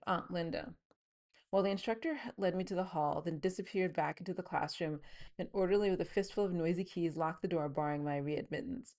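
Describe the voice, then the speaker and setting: A woman's voice: lowish voice, a little mellow. A woman reading her novel aloud and stopping now and then to explain scenes in a chatty, offhand way. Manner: reads the scene plainly, then breaks into chatty asides. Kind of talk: book reading with commentary.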